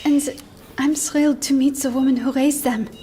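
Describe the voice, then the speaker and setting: A woman voices a gentle young woman with a high voice. She sounds soft, hesitant and earnest. This is a video game cinematic. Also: steady tone, normal speed, a little hiss or hum, close to an everyday voice. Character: kind, shy young woman, gentle helper.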